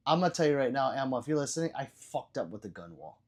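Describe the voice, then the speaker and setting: Quick-paced and very animated, an older man hosting a livestream reads chat aloud with plenty of profanity and rambling. He stammers over and repeats words, and his voice jumps between loud bursts and low mutters.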